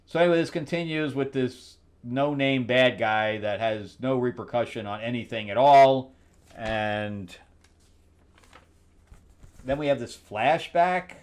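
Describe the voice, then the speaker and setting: A man recapping comic books in a loose, sarcastic ramble. He trips over his words and restarts often, and he trails off dryly at the end of lines. His voice sits at an everyday middle pitch. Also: measured pace, clear, resonant tone. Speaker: comic book reviewer.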